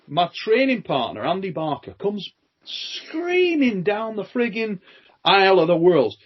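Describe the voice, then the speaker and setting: British man, podcast host, high husky voice, lively anecdotes, muffled lo-fi sound. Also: a little slow. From Britain. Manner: animated anecdotes acting out quotes, swears freely. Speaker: podcast host and armwrestling champion. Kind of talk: casual chat, storytelling.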